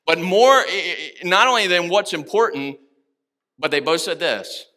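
High, bright-voiced preacher man. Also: animated, moderate pace. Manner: impassioned, rising to shouts on key words. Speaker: pastor. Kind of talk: sermon.

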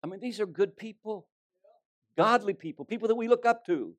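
A male preacher with a fairly high voice delivers a sermon in a folksy storytelling way. He swings between ringing emphasis and near-whispered asides. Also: brisk.

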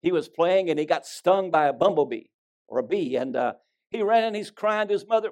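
Higher-voiced preacher swinging loud to hushed. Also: male voice, expressive, a little fast. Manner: dramatic swings between loud emphasis and hushed delivery; folksy storytelling with fillers. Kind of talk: sermon.

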